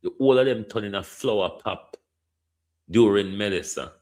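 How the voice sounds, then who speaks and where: A man's voice: lowish voice, normal speed, darkish tone. A Jamaican man giving indignant political commentary, slipping between patois and standard English. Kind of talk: opinion commentary.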